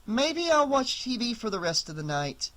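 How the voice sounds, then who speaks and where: A narrator voicing a small, frightened boy who loves comic books, in a high, eager voice. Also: big pitch swings, normal speed, a bit bright.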